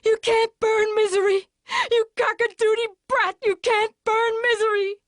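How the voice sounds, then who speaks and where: A woman's voice: very high voice, little pitch movement, unhurried, dry recording, clean studio sound, pitched above the performer's own voice. A woman doing a shrieking, frantic female captor. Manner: shrieking, wailing pleas. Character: frantic, obsessive middle-aged woman captor.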